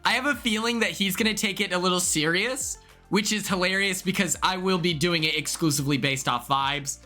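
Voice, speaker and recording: A young man chatting casually on a stream, excitable and laughing often. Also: high voice, fairly quick, faint music behind.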